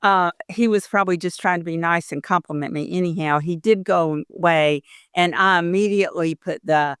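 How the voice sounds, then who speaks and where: A woman's voice: lowish voice, moderate pace, clear, resonant tone, no echo, studio quality. An older woman, a podcast guest, chatting casually and acting out the voices in her stories. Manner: animated storyteller, acts out the voices in her stories. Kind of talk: casual interview chat.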